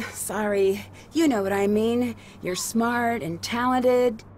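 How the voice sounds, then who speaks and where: Earnest young girl detective in a game, slightly high voice, curious questioning. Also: slow pace, a little mellow, a little hiss or hum. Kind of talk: video game voice acting.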